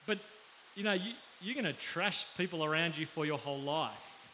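Australian man, sermon, chatty and direct, bright slightly high voice, faint hiss. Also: animated. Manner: conversational, pauses to ask the audience. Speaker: pastor.

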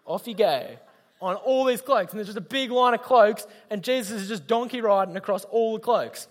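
High-voiced youth leader. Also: male voice, moderate pace. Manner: chatty, slangy, addresses audience directly. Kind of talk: youth talk. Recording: long hall reverb.

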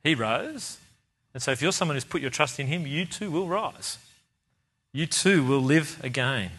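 A man's voice: fairly high pitch, lively intonation, normal speed, a bit bright, husky. Earnest man preaching a sermon. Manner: earnest, emphatic, repeats key phrases for stress.

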